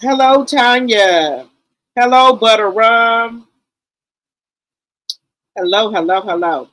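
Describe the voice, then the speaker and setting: Relaxed woman hosting a live stream. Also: on the high side, takes it slowly, no room sound, low-quality recording. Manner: greets viewers one by one with repeated hellos; relaxed, rambling, with many ums. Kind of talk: casual live-stream chat.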